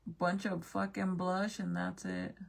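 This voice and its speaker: Woman, young mom vlogger, low and very gravelly voice, casual chatty talk, says "you guys" a lot. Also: flat delivery, takes it slowly. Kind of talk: casual chat looking through old photos.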